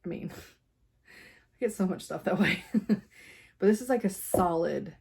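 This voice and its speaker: Woman, casual home craft vlogger, low-ish voice, chatty and rambling, laughs a lot. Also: lively intonation, measured pace, creaky, a little mellow, breathy edge. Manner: rambling, laughs often, many fillers. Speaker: cross-stitch vlogger.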